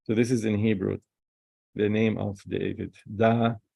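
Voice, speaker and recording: A man teaching a recorded Hebrew lesson, slow and patient, repeating each sound. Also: fairly low pitch, flat delivery, creaky, warm tone, breathy edge, dry recording.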